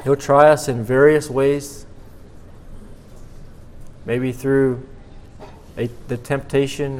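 A man preaching a sermon in a halting way, repeating words and then swelling with emphasis. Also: mid-range voice, a little mellow, slight background noise.

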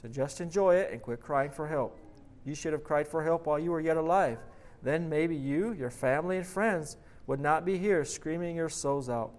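A man's voice: a little high, moderate pace, a little mellow, close to an everyday voice. A man reading the lines of a tortured, taunting demon who calls himself a master deceiver, during a sermon. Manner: taunting, mocking.

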